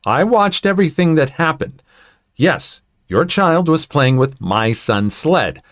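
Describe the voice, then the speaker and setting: A man voicing a fed-up young military mother who answers with sharp, indignant retorts. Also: on the high side, expressive, takes it slowly, dry recording, studio quality, voice pushed up. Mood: firm.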